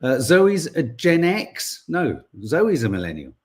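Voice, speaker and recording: Male podcast co-host, 40s, rambling and wry, very animated intonation. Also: a little high, unhurried. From England. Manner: rambling, reads listener comments aloud, wry asides. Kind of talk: casual chat.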